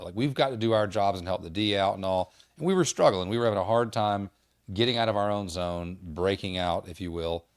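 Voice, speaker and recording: Lowish voice guy, calm and wry, no cussing, dry sound. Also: clear, resonant tone, no room sound. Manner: measured, wry, avoids swearing. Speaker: podcast co-host. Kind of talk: casual chat.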